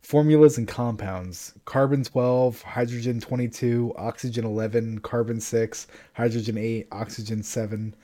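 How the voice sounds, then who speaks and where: A man's voice: medium pitch, lightly acted. A man reading as a gushing young engineer woman. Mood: anxious. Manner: excited, quick gushing.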